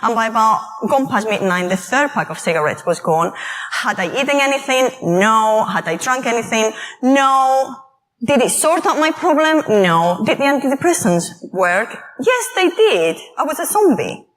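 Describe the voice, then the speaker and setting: A woman giving a conference talk on mental health, telling personal stories in an animated way and acting out quoted voices. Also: on the high side, moderate pace, poor audio. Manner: lively, animated storytelling with acted-out quotes. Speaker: conference speaker. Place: conference hall.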